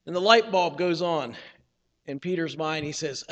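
A man's voice: fairly high pitch, a little slow, a bit bright. A male pastor preaching a sermon in an earnest, conversational storytelling manner, acting out the people he quotes. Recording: reverberant church sanctuary.

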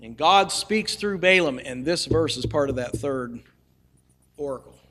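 A man's voice: a little high, lively intonation, a little slow, a bit bright, a little hiss or hum. A male preacher telling a scripture story in a folksy, humorous way, with casual asides to the listeners. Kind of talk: storytelling sermon.

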